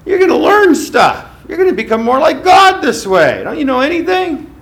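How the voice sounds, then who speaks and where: Preacher doing a scheming devil voice, coaxing, mocking, leaping up and down in pitch, gravelly edge. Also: male voice, huge pitch swings, moderate pace, heavily acted. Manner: coaxing, mocking, swelling loud. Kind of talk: sermon.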